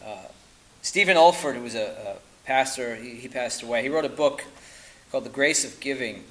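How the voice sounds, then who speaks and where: A man preaching a sermon, emphatic and insistent, firing rhetorical questions and dropping to quiet at the ends of lines. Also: medium pitch, moderate pace, low-quality recording.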